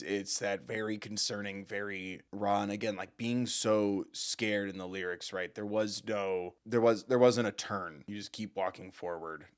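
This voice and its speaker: A man's voice: on the low side, smooth. Emotional man rambling through a reaction. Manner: emotional, rambling, stammering, swears often. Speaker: reaction video host. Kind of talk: casual reaction commentary.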